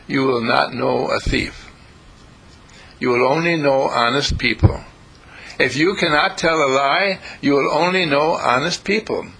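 A man's voice: medium pitch, creaky, sharp tone, breathy edge, rough recording. A man giving an inspirational spiritual talk in a folksy, repetitive way, chuckling as he preaches. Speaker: spiritual speaker.

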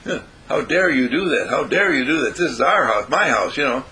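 Stubborn male house dog, voiced by a man telling a story: indignant, bright tone. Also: medium pitch, lively intonation, a little fast, low-quality recording.

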